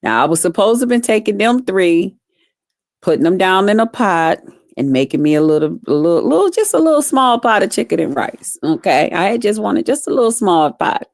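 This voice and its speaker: A woman's voice: medium pitch, sing-song, brisk, dry recording. Brief: woman vlogger, foul-mouthed casual storyteller, dry close mic, no room sound. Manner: blunt, salty, talks straight to viewers. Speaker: vlogger chatting with live viewers. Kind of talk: casual profane storytelling to camera.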